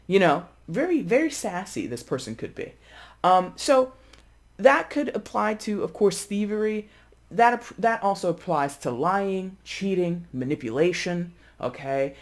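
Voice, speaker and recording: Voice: mid-range voice, lively intonation, a little slow. A tarot reader speaking casually to camera, chatty and loose, often acting out the lines of imagined people. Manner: loose, with frequent fillers and self-corrections.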